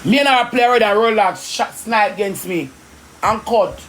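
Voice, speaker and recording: A woman with a Jamaican accent, ranting indignantly in rapid patois on a live stream. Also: medium pitch, slight background noise. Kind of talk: heated live-stream rant.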